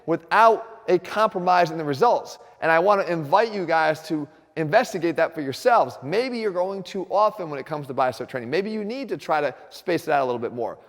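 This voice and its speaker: Energetic male fitness coach, echoey gym. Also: a little high, brisk, hardly any pauses. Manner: direct, energetic, talks straight to viewers. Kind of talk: instructional fitness video. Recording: reverberant gym room.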